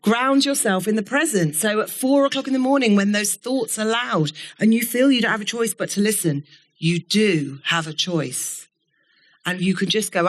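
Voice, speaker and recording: A middle-aged woman giving a keynote talk to a live audience, telling stories in a candid, animated way and swearing now and then. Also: medium pitch, moderate pace. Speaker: keynote speaker. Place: event studio before an audience.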